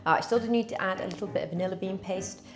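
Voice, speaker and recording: Woman chatting away while she bakes, casual cooking vlog, mid pitch, faint music behind. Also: rapid-fire. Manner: chatty, talks to viewers while working. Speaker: cooking vlogger.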